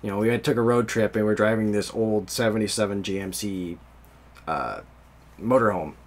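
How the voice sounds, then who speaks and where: A man's voice: lowish voice, fairly even intonation, fairly quick. A young man from the United States hosting a podcast, rambling in casual chat and laughing often. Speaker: podcast host.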